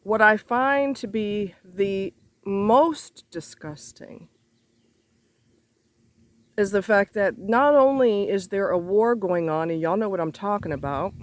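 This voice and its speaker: An indignant woman speaks straight to her audience in a heated monologue, swearing freely and hammering home repeated rhetorical questions. Her pitch sits in a middle range but leaps sharply upward when she demands answers. She is angry throughout. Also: takes it slowly, a little hiss or hum. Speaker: vlogger ranting to viewers.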